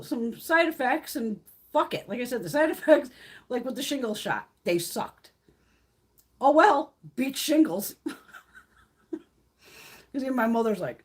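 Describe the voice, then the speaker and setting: A woman's voice: high-pitched, expressive, unhurried, pauses often, slightly rough. Blunt, profane woman in her fifties. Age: 50s. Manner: blunt, profane and ranting, with frequent laughs; acts out others' lines in quoted voices. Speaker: beauty livestream host. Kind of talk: casual livestream chat.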